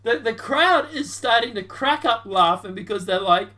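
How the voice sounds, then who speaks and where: A woman with a high voice talks over debate clips in a loose, sarcastic vlog style. She rambles, restarts her sentences and slips into mocking voices as she argues her point. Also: animated, normal speed, bright, forceful tone. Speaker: political commentary vlogger. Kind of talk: casual reaction commentary.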